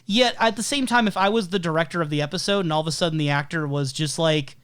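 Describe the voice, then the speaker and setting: A man's voice: a little high, fast talker, hardly any pauses, fairly bright tone, clear, resonant tone. A man co-hosting a casual podcast discussion, talking through ideas analytically and reading quotes aloud. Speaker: podcast co-host.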